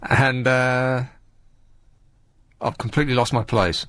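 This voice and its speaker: A man's voice: mid-range voice, fairly even intonation, unhurried, gravelly, pauses often, fairly bright tone. A man hosting a radio show, talking in a casual comic monologue full of sarcastic, mocking asides. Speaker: radio host.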